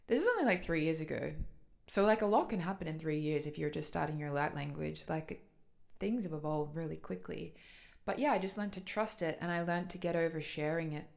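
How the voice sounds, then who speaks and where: Earnest woman with a low-leaning voice. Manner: earnest, flowing, lots of "like" and "so". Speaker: light language channeler. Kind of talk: casual personal talk.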